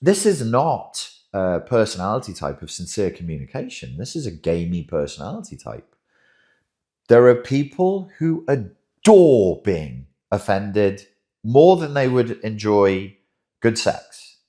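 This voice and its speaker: A man's voice: fairly low pitch, big pitch swings, unhurried, warm tone. A man hosting a commentary monologue, emphatic and wry, who often repeats himself as he talks. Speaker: host, relationship commentator.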